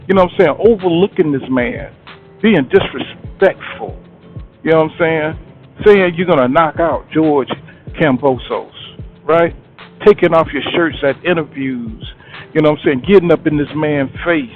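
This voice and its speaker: A man giving a casual boxing commentary monologue, blunt and slangy, who keeps asking "you know what I'm saying". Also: a little high. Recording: tinny phone-like sound, faint music.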